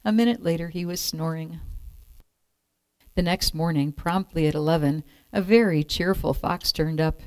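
A woman calmly reading a children's picture book aloud as storyteller. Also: low voice, moderate pace, no room sound.

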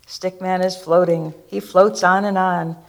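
A woman reading a rhyming children's picture book aloud. Her delivery is rhythmic and lilting, and her voice sits a little low. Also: flat delivery, measured pace, creaky. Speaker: storyteller.

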